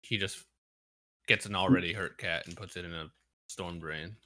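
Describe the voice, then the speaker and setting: A man's voice: sits low, normal speed, pushed and bright. A man co-hosting a casual podcast chat, teasing and cracking crude jokes. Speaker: podcast co-host.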